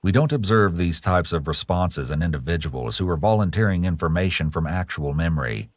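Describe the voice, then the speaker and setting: Male documentary narrator, deep, measured, dry studio sound. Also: animated, no echo. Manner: measured, analytical. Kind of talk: scripted true crime narration.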